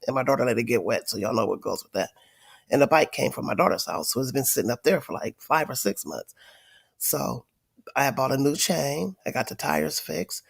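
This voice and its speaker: A middle-aged grandmother livestreaming to her viewers, telling a story in an animated, emphatic way with lots of swearing. She is sick with a cold, wheezing and tired. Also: a bass voice, creaky, slightly rough, no echo. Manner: profane, emphatic, addresses viewers directly. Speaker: livestream host.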